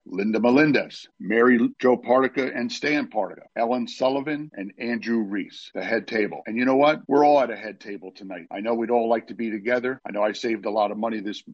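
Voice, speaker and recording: A man's voice: on the low side, slightly rough, no echo. A man from New Jersey emceeing a banquet, telling jokes in a folksy, repetitive way. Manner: folksy, joking, repeats himself. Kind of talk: after-dinner speech with jokes. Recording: slightly dull lo-fi audio.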